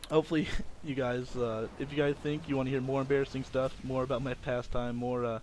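A young man around twenty, talking straight to his viewers in a mid-pitched voice. He tells a story from his own past, candid and a little self-mocking, and he keeps restarting his sentences. A faint hiss sits under his voice. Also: little pitch movement, a little fast, a little mellow. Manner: rambling, repeats and restarts phrases. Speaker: vlogger. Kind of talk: personal storytelling.

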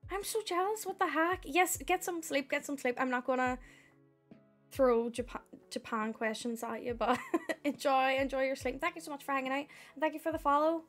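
A woman's voice: high-pitched, moderate pace, soft background music. Chatty Northern Irish woman streamer. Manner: chatty, thanks viewers by name, says "heck". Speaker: live streamer. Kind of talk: casual live-stream chat.

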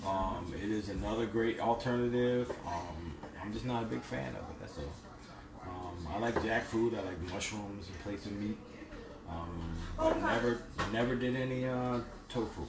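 A man co-hosting a cooking livestream, explaining steps in a relaxed way with frequent ums. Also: on the low side, moderate pace, recorded from a distance. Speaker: cooking show co-host. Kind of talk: casual cooking livestream chat. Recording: echoey kitchen with background noise.

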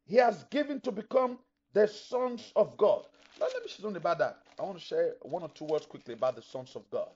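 A middle-aged pastor preaches an emphatic sermon, voicing imagined listeners' objections along the way. His voice is a little high for a man, with a darkish tone, animated and fairly quick with hardly any pauses. The recording is dull and lo-fi.

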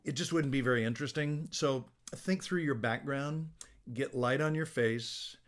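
A middle-aged man, a business coach, giving casual video-making tips to camera in a relaxed, conversational way, with frequent restarts, recorded on a small plug-in phone mic in a home office. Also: mid-range voice, normal speed. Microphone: small plug-in phone microphone.

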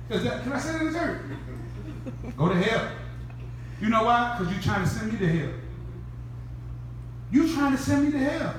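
A woman's voice: on the high side, very animated, normal speed, long pauses, far from the mic, a little hiss or hum. Fiery woman preacher in an echoey church. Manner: fiery, conversational, shouts often, laughing asides. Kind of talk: sermon. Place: church sanctuary.

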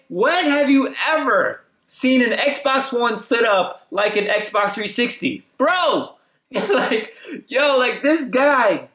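Animated young man telling a story, echoey room. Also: high voice. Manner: animated, laughing, slangy storytelling. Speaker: vlogger. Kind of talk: casual storytime vlog.

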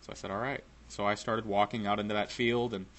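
A man with a somewhat low voice tells a personal story in a casual, profane way. He swears freely and breaks into short laughs now and then. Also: level tone, fast, a bit bright.

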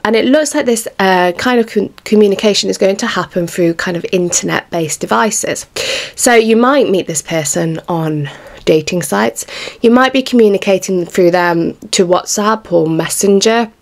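A woman's voice: medium pitch, lively intonation, normal speed. British woman, tarot reader, slightly out of breath, chatty and reassuring, casual spoken style. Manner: chatty, reassuring, informal with occasional swearing. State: out of breath from pregnancy. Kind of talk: casual tarot reading to camera.

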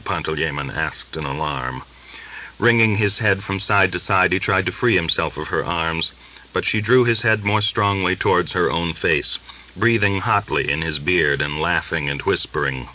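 A man reading a novel aloud as an audiobook narrator, measured and steady. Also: deep voice, muffled recording.

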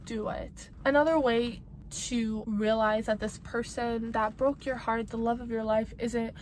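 A woman's voice: on the high side, fairly even intonation, unhurried, darkish tone, slight background noise, rough recording. A young woman giving casual advice to camera, chatty and emphatic, full of "like" and "babes" and free with swear words. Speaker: vlogger giving breakup advice.

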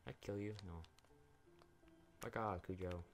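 A man's voice: deep voice, fairly even intonation, a little slow, faint music behind. A young man giving casual, rambling commentary while playing a video game, swearing freely and talking to the characters on screen. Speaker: gaming YouTuber.

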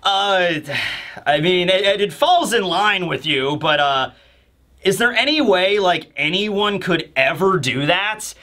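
A man's voice: high-pitched, expressive, slow, pushed and bright, exaggerated voice. A man voicing a nervous young pirate sniper who hesitates and stammers. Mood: doubtful.

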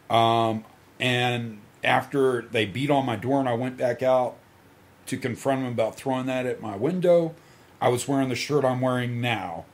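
A man's voice: medium pitch, moderate pace. A middle-aged man telling crude, swaggering stories in casual podcast talk, acting out the quotes and laughing along. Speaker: podcast guest storyteller.

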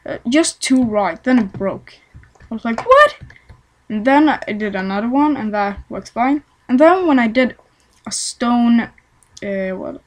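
Slow rambling woman gamer. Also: fairly high pitch, rough recording. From Sweden. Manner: rambling, self-mocking, swears at the game. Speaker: let's play gamer. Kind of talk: casual gameplay commentary.

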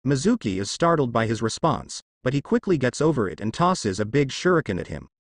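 A man narrating a fan fiction tale with dramatic storytelling. His pitch moves in lively swings. The recording is close and dry. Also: brisk, no echo.

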